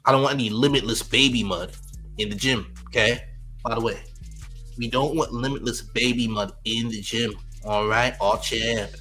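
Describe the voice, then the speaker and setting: A man's voice: mid-range voice, fairly even intonation, moderate pace, pushed and bright, faint music behind. A man hosting a livestream, teasing and trash-talking viewers in his chat while reacting to clips. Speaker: livestream host. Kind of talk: casual livestream commentary.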